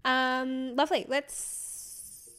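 Young female co-host, playful casual chat, high-pitched. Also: flat delivery, extremely slow, a bit bright, smooth. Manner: upbeat, giggly and playful. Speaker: podcast co-host.

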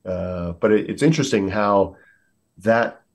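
A man's voice: lowish voice, measured pace. A middle-aged American man, a military veteran, telling war stories earnestly on a podcast, with many fillers and acted-out quotes. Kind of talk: storytelling in a podcast interview.

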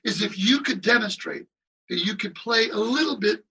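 A man telling drumming anecdotes in an interview, excitable and animated, acting out other people's lines and singing drum beats. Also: high voice, normal speed, far from the mic, low-quality recording. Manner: lively anecdotes with voiced impressions and drum sounds. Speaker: guest drummer.

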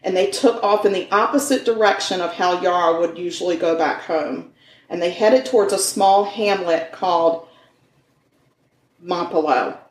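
A woman with a lowish voice tells a true crime case to her co-host, chatty and loose, correcting herself as she goes. She sounds like she's in an echoey room. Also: normal speed, recorded from a distance. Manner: conversational, with fillers and self-corrections. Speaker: podcast host. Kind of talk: true crime storytelling chat.

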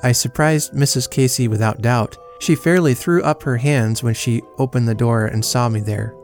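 A man's voice: mid-range voice, a little mellow, faint music behind. Man reading an old story aloud. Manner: measured, dry storybook reading. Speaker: podcast host reading a story. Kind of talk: storytelling narration.

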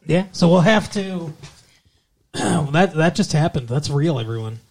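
A man's voice: on the high side, animated, a little slow, gravelly. Teasing man hosting a podcast. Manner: joking, teasing, puts on silly accents. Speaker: podcast co-host. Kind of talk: casual chat.

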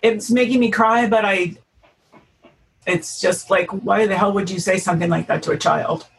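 A woman's voice: mid-range voice, steady tone, normal speed, gravelly, a little hiss or hum, low-quality recording. A woman taking part as a volunteer over a video call, speaking in an earnest, emotional way. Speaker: volunteer participant.

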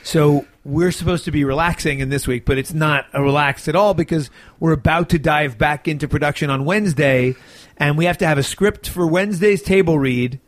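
Tired, chatty man with a high-ish voice. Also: brisk, dry recording. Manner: animated, chatty storyteller. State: tired, yawning. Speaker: actor and sitcom co-creator. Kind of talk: casual interview talk.

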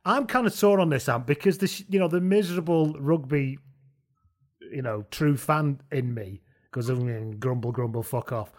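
A man's voice: a little high, lively intonation, normal speed. A man co-hosting a podcast, joking and reading out listener messages in casual banter. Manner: joking, reads listener messages, does mocking voices. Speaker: podcast co-host.

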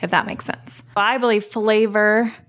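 A woman's voice: medium pitch, steady tone, measured pace, fairly bright tone. A woman explaining her distilling work as a guest on an interview show. Her talk is casual and full of detail, with a few "you know"s scattered through. Her voice sits in a mid range.

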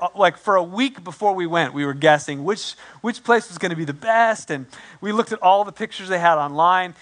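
A pastor in his forties tells a story from the pulpit, lively and self-deprecating, slipping into the voices of the people he quotes. His voice sits high for a man and sounds bright and clear. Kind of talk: storytelling sermon.

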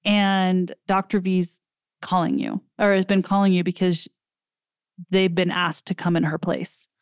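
Woman, podcast host, personal story, animated, smooth voice, dry close mic. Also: mid-range voice, no echo. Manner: animated retelling, acts out quoted dialogue.

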